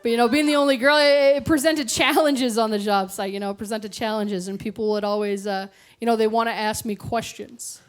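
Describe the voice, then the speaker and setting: Stand-up comic, young woman from Alberta, dry delivery with quick voiced quotes, higher voice. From Alberta, Canada. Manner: deadpan storytelling with acted-out quotes. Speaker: stand-up comedian. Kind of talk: stand-up set. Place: comedy club stage before a laughing audience.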